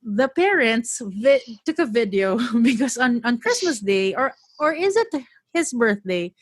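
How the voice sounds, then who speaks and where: Lively high-voiced woman telling stories. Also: measured pace, no echo. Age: 30s. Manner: animated storyteller, laughs often, acts out quotes. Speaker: podcast guest. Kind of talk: casual chat.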